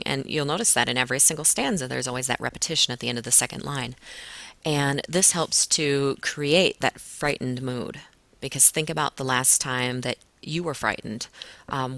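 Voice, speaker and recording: A woman teacher with a very low, gravelly voice walks a class through a poem. She explains in a relaxed way with plenty of fillers, and the recording is dry and close. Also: no room sound. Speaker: English teacher. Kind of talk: recorded classroom lesson walkthrough.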